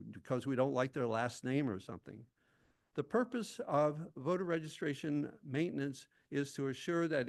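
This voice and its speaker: A man's voice: on the high side, vocal fry. A man giving an intense, prepared public comment at a town hall meeting, reading his remarks with occasional asides.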